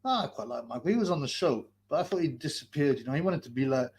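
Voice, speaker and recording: A man's voice: mid-range voice, expressive, quick pace, a little mellow. A man hosting a livestream, wearing a mask in a hot basement, ranting crudely and mocking people between laughs. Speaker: livestream host. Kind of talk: profane ranting livestream commentary.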